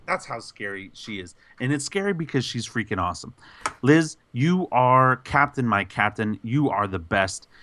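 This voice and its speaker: A man co-hosting a podcast gives a hyped shout-out with playful, over-the-top praise. His delivery swings into mock bravado, talking big for laughs. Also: mid-range voice. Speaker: podcast co-host.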